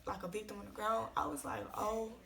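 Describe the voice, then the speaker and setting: Gravelly young woman in an emotional storytime. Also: mid-range voice, a bit bright. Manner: casual slangy retelling, tearful and rushed. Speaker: vlogger.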